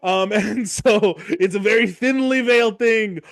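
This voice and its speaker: Podcast co-host, male, high voice, dry close sound, animated storyteller who acts out scenes. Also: unhurried, no echo. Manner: excitable storyteller, acts out lines, laughs often. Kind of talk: casual chat, retelling a movie plot.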